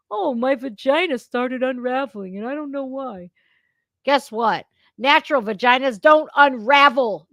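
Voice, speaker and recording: A woman's voice: high voice, fairly bright tone, no echo. A woman hosting her own show, ranting in a casual, fired-up way with plenty of swearing. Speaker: host. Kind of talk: casual reaction talk. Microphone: remote streaming setup.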